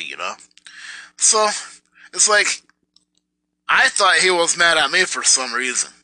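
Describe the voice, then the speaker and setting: Slow, bitter, rambling young man. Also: high-pitched, pushed and bright, no echo, rough recording. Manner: bitter, rambling with many fillers. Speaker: vlogger. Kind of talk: ranting personal story.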